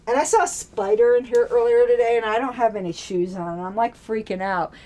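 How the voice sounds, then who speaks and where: A woman hosting her own political commentary show from a home studio. She talks in a chatty, rambling way, gets excited, and reads aloud from old newsletters. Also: a little high, fairly quick.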